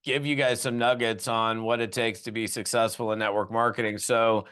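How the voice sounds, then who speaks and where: Man, podcast host, West Coast native, casual, jokey, smooth resonant tone. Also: medium pitch, flat delivery, moderate pace, a bit bright. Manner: jokey, friendly, says "you know" and "uh" a lot. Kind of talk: casual interview chat.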